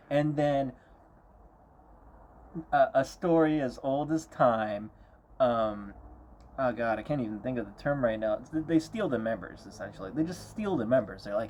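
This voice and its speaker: A man of middle pitch rants in an exasperated, repetitive way, circling back to the same complaints again and again. A faint hiss sits under his voice in the recording. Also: expressive, moderate pace, a little mellow. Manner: exasperated, repetitive venting with mocking quoted voices. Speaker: game vlogger. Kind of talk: frustrated rambling monologue.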